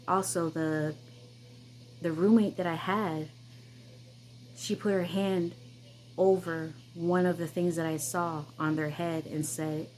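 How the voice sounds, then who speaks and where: Woman vlogger, low voice, mellow tone, emphatic, repeats herself, storytelling monologue. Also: a little hiss or hum, poor audio. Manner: emphatic and insistent, many repeats and restarts. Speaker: vlogger, channel host.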